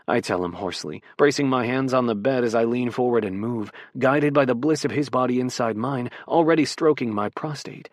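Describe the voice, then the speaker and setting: A man narrating a first-person romance audiobook in a soft, intimate, unhurried way, close to a studio mic in a recording booth. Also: mid-range voice, dry recording.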